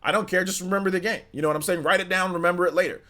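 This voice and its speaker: A man's voice: high-pitched, fairly even intonation, racing, sharp tone. A man from the United States hosting a casual live gaming stream, chatty and slangy, talking straight to his viewers.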